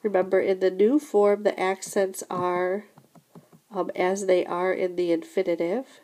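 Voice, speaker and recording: A woman teaching a recorded French lesson, explaining grammar slowly and patiently, often repeating "remember" and "so again". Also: lowish voice, little pitch movement, dark tone.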